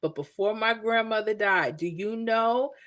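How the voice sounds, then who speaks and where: A woman's voice: mid-range voice, a little slow, a bit bright. A middle-aged woman from Florida hosting a livestream, telling stories in a chatty way and talking to viewers by name. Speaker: livestream host. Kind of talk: casual livestream chat.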